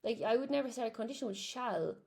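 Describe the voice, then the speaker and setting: A young woman with an Irish accent teaches English on a live stream, stopping to answer viewers' comments in a chatty way. Her middle-pitched voice has a gravelly, creaky edge. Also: animated, fast talker, darkish tone. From Ireland.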